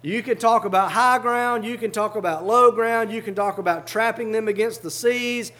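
A man's voice: high-pitched, normal speed, sharp tone. A man preaching a sermon, fervently reading old scripture aloud and explaining it in plain everyday words.

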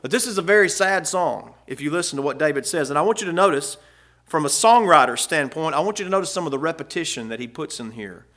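A man's voice: on the high side, expressive, fast, fairly bright tone. A man preaching a sermon in a folksy way, rising and swelling when he reads scripture aloud. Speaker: pastor.

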